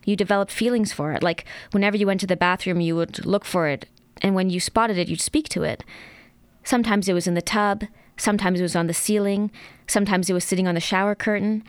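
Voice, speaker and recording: A woman reading aloud from a novel, voicing a blunt adult woman friend who calmly lays down boundaries. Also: mid-range voice, fast talker, smooth, no room sound, natural voice. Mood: matter-of-fact.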